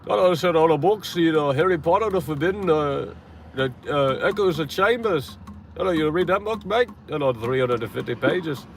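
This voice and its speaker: A loud, cheery mock British bloke, put on by a man, sing-song and raised high above his usual voice, tacking a chummy greeting onto everything. The delivery is bouncy and overdone, a clear joke voice. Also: expressive, normal speed, slight background noise.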